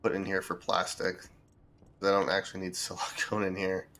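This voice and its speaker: A man streaming a building game, thinking aloud in relaxed commentary as he sorts items and plans what to build. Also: sits low, moderate pace, a little hiss or hum. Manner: thinks aloud, with fillers and restarts. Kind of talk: casual gameplay commentary.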